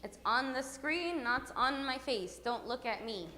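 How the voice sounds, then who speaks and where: A woman teaching a hymn class, upbeat and coaxing, calling out brisk prompts to her students. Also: high voice, expressive, bright, forceful tone. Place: church hall classroom. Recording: echoey hall reverb.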